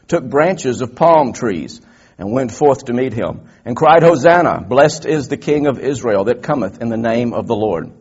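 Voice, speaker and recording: A man preaching a sermon as pastor, earnest and building emphasis with repeated phrases, then reading old-style scripture slowly and deliberately. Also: medium pitch, a little mellow, husky, muffled recording. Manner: reads King James scripture slowly and deliberately.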